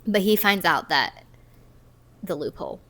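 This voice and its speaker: A woman's voice: fairly low pitch, animated, measured pace, bright, forceful tone. A woman in her thirties co-hosting a podcast, chatting casually and giggling as she trails off mid-sentence. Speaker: podcast co-host. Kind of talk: casual chat recapping a movie.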